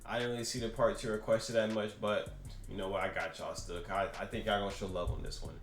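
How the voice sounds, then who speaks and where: A man reacting to clips, talking casually and excitedly to his viewers in slang. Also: lowish voice, fast talker, roomy sound, soft background music. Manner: animated, slangy, talks to viewers. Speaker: reaction streamer.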